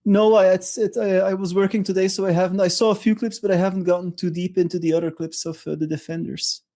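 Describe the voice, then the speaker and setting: A co-host in a casual talk show speaking in a reflective, halting way and often pausing to find the words. The voice is mellow and mid-pitched. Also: steady tone. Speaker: podcast co-host. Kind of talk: casual chat.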